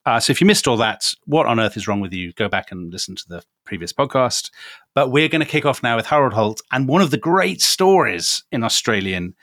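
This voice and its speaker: A man's voice: mid-range voice, lively intonation, a little fast, fairly bright tone, no echo, clean studio sound. A man from Britain co-hosting a history podcast, telling the story in a wry, chatty way with asides. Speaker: podcast co-host.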